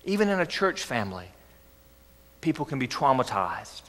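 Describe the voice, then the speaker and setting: A man's voice: medium pitch, very animated, moderate pace, fairly bright tone. Male pastor, sermon, earnest coaxing delivery, rhetorical questions, echoey church hall. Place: church sanctuary.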